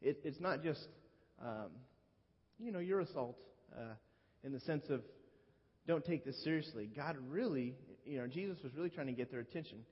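Man preaching in a husky voice. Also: fairly high pitch, expressive, moderate pace. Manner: conversational, with frequent restarts and fillers. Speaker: pastor. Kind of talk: sermon. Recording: dull lo-fi recording in a reverberant hall.

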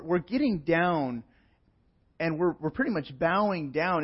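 A man preaching a sermon as pastor, telling stories in a relaxed, conversational way with plenty of fillers. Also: a little high, dull audio.

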